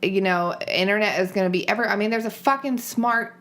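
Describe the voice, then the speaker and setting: A woman's voice: mid-range voice, fairly quick, a bit bright. A woman co-hosting a casual podcast chat, blunt and opinionated with frequent swearing. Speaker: podcast co-host.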